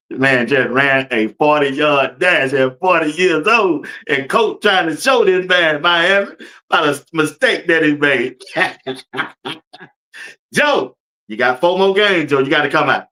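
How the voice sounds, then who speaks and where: Bright-voiced male sports talk host. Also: on the high side, takes it slowly. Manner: animated, laughing often, slangy. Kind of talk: casual sports talk stream.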